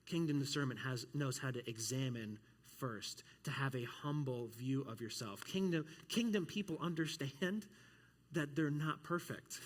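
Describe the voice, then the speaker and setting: A man preaching a sermon as a pastor, telling stories in an animated way and acting out other voices. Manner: animated storytelling, acts out voices with big pitch jumps. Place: church sanctuary. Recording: long church hall reverb.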